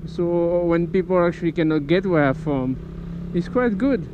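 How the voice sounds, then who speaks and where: A man's voice: fairly high pitch, animated, unhurried. A man with a French accent, talking casually and rambling while riding a motorcycle, correcting himself and swearing freely. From France. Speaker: motovlogger. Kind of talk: casual riding vlog talk. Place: on a motorcycle in city traffic outdoors. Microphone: helmet-mounted action camera. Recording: dull action-camera audio with loud traffic noise. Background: traffic and engine noise.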